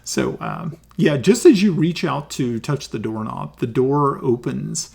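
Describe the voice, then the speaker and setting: Halting, gravelly game master, man, narrating slowly. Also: medium pitch, expressive, a little mellow. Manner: halting, many ums and restarts.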